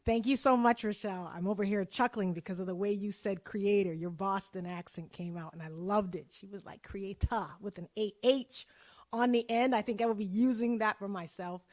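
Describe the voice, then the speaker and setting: A woman's voice: mid-range voice, a little fast, darkish tone, dry recording. A woman giving a motivational keynote, conversational and playful, with frequent asides to her audience. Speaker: keynote speaker.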